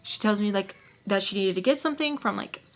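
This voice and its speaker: A young woman vlogging a casual storytime while doing her makeup, full of likes and quick restarts. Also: medium pitch. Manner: chatty, many likes and restarts; voices others in quoted bursts.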